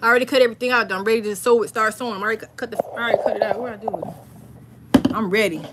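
Chatty excitable woman streaming live. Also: fairly high pitch, racing, heavy background noise. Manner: rambling, excitable, chats with viewers and reads their comments aloud. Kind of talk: casual live stream chat.

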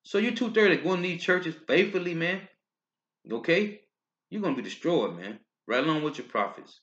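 Man preaching, emphatic, lively pitch swings, dull lo-fi sound. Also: normal speed. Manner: preachy, ends phrases with "man, okay?"; emphatic, rising and falling bursts. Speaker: street preacher. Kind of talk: scripture-reading sermon video. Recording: dull lo-fi recording.

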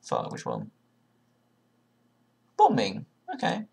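Low gravelly man muttering quiz answers. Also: expressive, normal speed. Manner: sarcastic, swears often, sudden loud outbursts; thinks aloud, muttering guesses. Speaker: video creator. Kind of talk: casual commentary while taking an online quiz.

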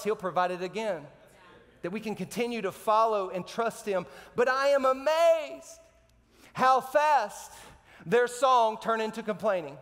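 A man preaching a sermon as pastor, animated and joking between slow scripture readings. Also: high voice, big-room sound. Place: church sanctuary.

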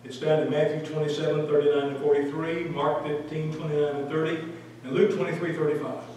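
A man leads a church Bible class and acts out each scripture voice with energy. His voice sits a little high for a man. He sounds far from the mic in a very echoey room with a long reverb tail and faint hiss. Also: fairly quick. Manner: animated, acts out quoted voices, asks the class questions. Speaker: Bible study teacher. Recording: echoey room taped from a distance.

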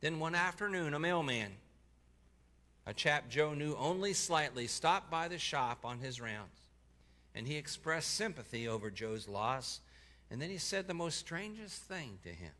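A man preaching, telling a testimony in the first person and voicing the people in it, going quiet for the sad parts. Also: fairly high pitch, a little slow. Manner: voices the people in the story, dropping soft for sad parts and lifting for excited ones. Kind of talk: sermon storytelling, reading a testimony aloud.

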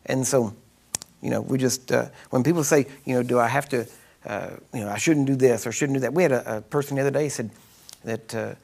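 A man's voice: mid-range voice, vocal fry, darkish tone, breathy edge. A man with a Texan accent teaching a healing ministry class, telling chatty stories, laughing often and acting out the voices he quotes. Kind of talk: storytelling teaching session.

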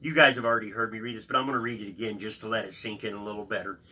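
Earnest man reading scripture, bright husky voice. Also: on the low side, fairly even intonation, racing, hardly any pauses, rough recording. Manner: earnest, addresses listeners as guys. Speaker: Bible reading host.

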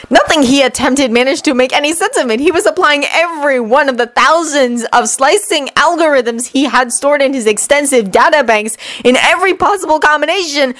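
Expressive woman reading a story aloud. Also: high voice, dry recording, rough recording. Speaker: fanfiction reader. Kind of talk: audiobook narration.

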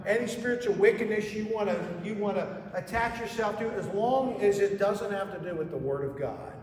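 A man's voice: high voice, fairly quick, darkish tone. A male pastor preaching a sermon, rising in emphasis and asking rhetorical questions, recorded from a distance in a church sanctuary. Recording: echoey hall from far off.

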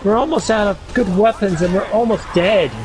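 A man playing a co-op game, excited and swearing. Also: high-pitched, fairly quick, noisy background. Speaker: gamer playing co-op. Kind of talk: casual gaming chat.

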